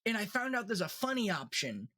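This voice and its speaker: A man's voice: high voice, a little fast. Laid-back laughing man co-hosting. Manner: relaxed, laughs often, trails off and restarts. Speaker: podcast co-host. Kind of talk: casual chat.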